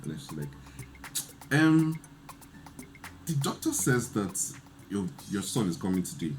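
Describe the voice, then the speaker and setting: A very low-voiced man tells a story in casual conversation. His pitch swings a lot as he acts out what people said, and he laughs easily between lines. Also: measured pace, over music. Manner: animated storyteller, laughs often, acts out quotes. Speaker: podcast guest.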